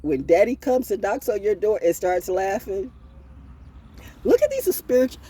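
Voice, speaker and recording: Deep, warm and husky, this woman's voice carries a freestyle livestream rant on her own channel. She's an oracle reader, and her delivery is blunt, preachy and full of profanity.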